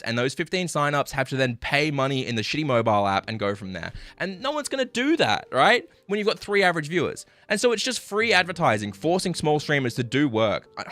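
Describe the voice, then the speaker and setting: A man ranting on a live stream, frustrated and swearing, apologizing, swinging between loud outbursts and low muttering.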